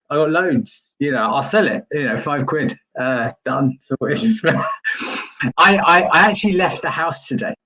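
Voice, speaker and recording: Over a video call, a man from East London hosts a comedy stream, trading chatty, jokey stand-up banter while stammering and repeating himself. His mid-range voice is fairly bright and slightly rough, and the recording quality is low.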